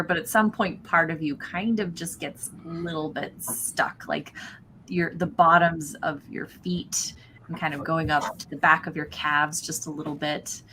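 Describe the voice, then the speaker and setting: Woman, game master, tabletop game narration, casual, hesitant, fillers, low voice, faint hiss. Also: a little slow, pushed and bright, poor audio. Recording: faint background noise.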